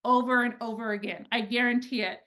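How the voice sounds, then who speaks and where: A woman in her thirties, a pitching coach, giving an energetic coaching talk and often checking in with "right?". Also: a little fast. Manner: energetic, animated, peppered with "like" and "right?".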